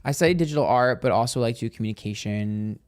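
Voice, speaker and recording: A man hosting a psychic livestream, telling stories in a sassy, dramatic, profane way, speaking quietly on a train. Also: mid-range voice, fast talker, clean tone. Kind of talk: casual livestream chat.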